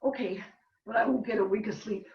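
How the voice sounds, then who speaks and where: A woman reading as a shocked older woman friend who quietly asks question after question. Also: mid-range voice, fairly even intonation, a little fast, vocal fry, lightly acted. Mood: stunned. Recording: distant roomy dull live recording.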